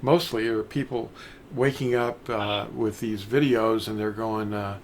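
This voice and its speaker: A man's voice: on the low side, steady tone, measured pace. An older man talks through a casual call in a rambling, teaching way. He drifts from point to point and slips into mocking impressions of others. Faint noise sits under the voice. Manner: rambling, mimics people mockingly. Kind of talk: casual phone conversation.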